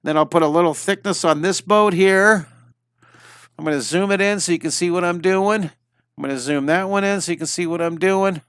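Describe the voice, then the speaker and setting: A man's voice: sits high, normal speed, fairly bright tone, clean tone, no echo, studio quality. A middle-aged man teaching a live drawing lesson, chatty and enthusiastic, talking through every step as he draws.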